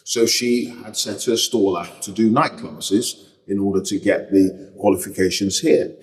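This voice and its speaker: A man's voice: fairly low pitch, normal speed, long reverb tail, distant mic. A man with a northern English Lancashire accent, chatting as an interview guest, talking freely and often restarting his sentences. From Bolton, England. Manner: chatty, many restarts and self-corrections. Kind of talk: relaxed reflective conversation.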